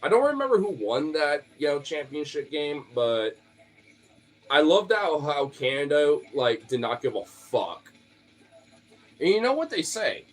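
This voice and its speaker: A man's voice: on the high side, big pitch swings, unhurried. A man streaming to his followers in a casual, rambling rant, swearing freely, leaning on fillers and often laughing. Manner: profane, loose, filler-heavy with frequent laughs.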